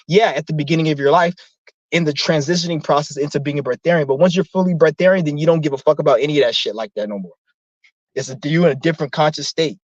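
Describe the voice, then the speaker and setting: A man with a slightly high voice rants at a rapid clip, rambling and swearing as he preaches to his viewers. The recording is dull and lo-fi, with a dry sound and no room echo. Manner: profane, rambling, emphatic. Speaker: vlogger preaching breatharianism. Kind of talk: casual rant to camera.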